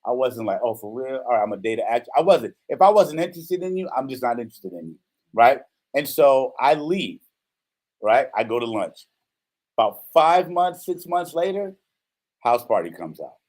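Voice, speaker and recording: On a casual show, the host, a man in his fifties, speaks at a medium pitch and moderate pace while telling a story. He is lively, acting out quoted lines and frequently checking "right?"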